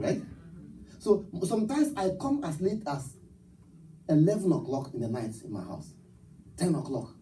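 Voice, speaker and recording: Man, pastor, high voice, lively rise and fall, call-and-response sermon, distant church sound. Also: a little hiss or hum. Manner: rousing call-and-response preaching with rhetorical questions. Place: church sanctuary at a live service.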